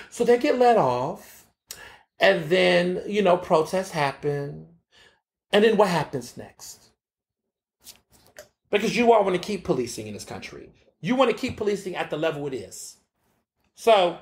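A man hosting his own podcast, speaking bluntly with heavy profanity and emphatic repetition in an opinionated solo monologue. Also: high voice. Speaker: podcast host.

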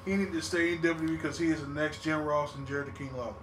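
A man co-hosting a podcast in casual chat, cursing and telling joking stories with lively energy. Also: a little high, fast talker. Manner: profane, joking, animated storyteller. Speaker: podcast co-host. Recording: roomy, distant mic with faint noise.

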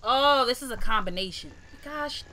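A woman commenting on a video game she is playing, reacting in an excitable, sassy way. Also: fairly high pitch, normal speed, a little hiss or hum. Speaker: gamer. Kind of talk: let's play commentary.

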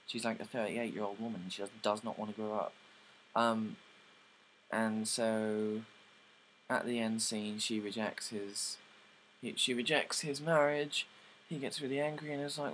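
A man's voice: lowish voice, flat delivery, normal speed, a bit bright, slight background noise, low-quality recording. A young man casually summarizing plays, rambling with lots of likes and ums and casual swearing.

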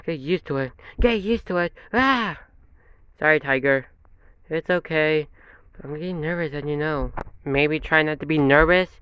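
A man's voice: fairly high pitch, normal speed, clear, resonant tone, no room sound, natural voice. A man voicing a nervous young groom and his friends in hobby voice acting, rambling and repetitive. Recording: dull lo-fi with faint music.

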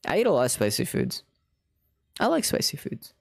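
A man's voice: on the high side, gravelly, breathy edge, no room sound, clean studio sound. A man streaming a game, chatting playfully and swearing while reading lines aloud. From India. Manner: playful, swears, laughs a lot.

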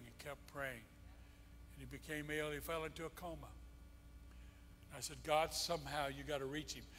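A man's voice: fairly high pitch, sharp tone, a little hiss or hum. A male pastor preaching a sermon, impassioned and emphatic, repeating his key phrases. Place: church sanctuary. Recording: long church-hall reverb.

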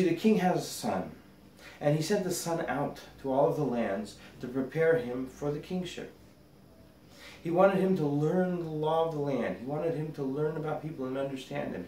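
A man, a rabbi, teaching a meditation by gently telling a parable. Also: a little high. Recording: roomy echo, distant mic, faint noise.

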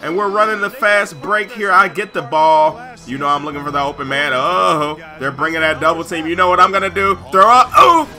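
A man giving excited gameplay commentary over a basketball video game and yelling on big plays. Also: a little high, brisk, few pauses, soft background music. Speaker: gaming YouTuber.

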